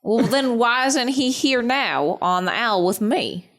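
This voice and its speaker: A woman's voice: a little high, animated, unhurried, fairly bright tone. Chatty, joking woman in role-play. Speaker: player. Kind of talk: in-character tabletop role-play. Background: music.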